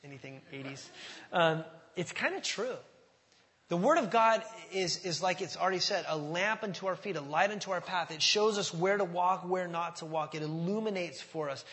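A man's voice: high voice, normal speed, bright, forceful tone, long reverb tail. A man preaching a sermon, talking in a conversational way and asking the congregation questions. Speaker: pastor.

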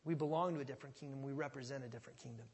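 In a husky, darkish, medium-pitched voice, a pastor speeds through an expository sermon. His tone is conversational and folksy, he often restarts words while thinking aloud, and long reverb from a large hall surrounds him.

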